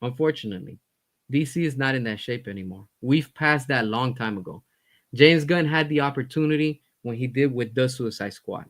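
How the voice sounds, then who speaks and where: In a fairly bright voice of medium pitch and moderate pace, a man hosting his own commentary stream airs his opinions in a heated rant. He's blunt and clearly fed up, swearing and repeating himself to stress his points.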